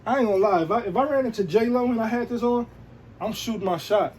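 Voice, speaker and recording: Brief: male vlogger, relaxed slangy show-and-tell, slightly raised pitch. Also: fast talker, a little hiss or hum, rough recording. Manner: laid-back, slangy, peppered with "you know what I'm saying". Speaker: sneaker and streetwear vlogger.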